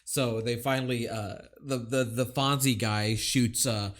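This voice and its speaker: A man's voice: mid-range voice, fairly even intonation, a little slow. A man co-hosting a casual movie review podcast, hesitant and rambling with many fillers. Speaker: podcast co-host.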